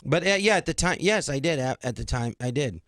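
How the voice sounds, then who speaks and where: A man's voice: mid-range voice, a little fast, no room sound. A middle-aged man, a comedian guest in a radio interview, telling stories animatedly and acting out what others said. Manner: animated, acts out quoted dialogue. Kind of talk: casual interview storytelling.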